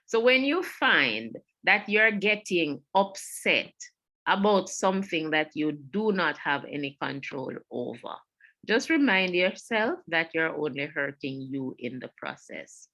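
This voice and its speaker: A woman's voice: low-pitched, sing-song, measured pace, sharp tone. A woman with a Jamaican accent giving a mental health webinar talk, earnest and repeating her key points. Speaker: webinar presenter. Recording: online webinar audio.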